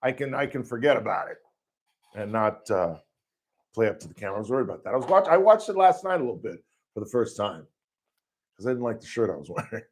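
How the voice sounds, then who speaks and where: A man hosting a radio talk show, loud with a gravelly voice that sometimes drops low. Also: big pitch swings, fast talker.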